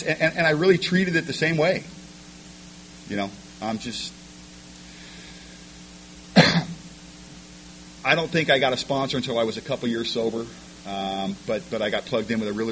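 Fast-talking man telling his story. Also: medium pitch, a bit bright, slight background noise, low-quality recording. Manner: rapid, stumbling repetitions of words; frank and self-deprecating. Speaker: speaker sharing his recovery story. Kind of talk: personal testimony to a meeting.

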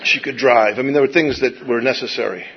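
A middle-aged man shares a personal recovery story in a wry, self-deprecating manner, stumbling into restarts as he goes. His voice sits at an average pitch. The recording is dull and lo-fi. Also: fast, crowd noise, noisy background. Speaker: speaker sharing a recovery story. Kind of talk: personal storytelling to a live audience.

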